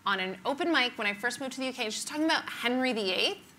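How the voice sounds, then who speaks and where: Bright wry Canadian woman on stage. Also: on the high side, expressive. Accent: Canadian, softened by years in Britain. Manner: chatty, wry, self-deprecating, quick asides. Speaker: stand-up comedian, interview guest. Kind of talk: onstage interview. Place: conference stage before an audience.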